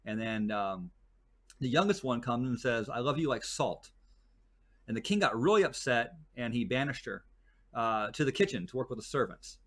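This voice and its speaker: A man's voice: medium pitch, very animated, normal speed, a bit bright. Rambling man telling stories as a guest. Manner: rambling storyteller, many fillers and restarts. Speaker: guest, desert tour guide. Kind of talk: casual chat.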